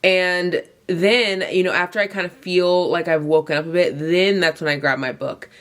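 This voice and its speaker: A woman's voice: fairly low pitch, steady tone, moderate pace, fairly bright tone. A young woman vlogging casually from bed early in the morning, sleepy and yawning, with a runny nose, talking in a chatty way full of "like"s. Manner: chatty, filler-heavy, many "like"s and restarts. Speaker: book vlogger. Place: bedroom, lying in bed.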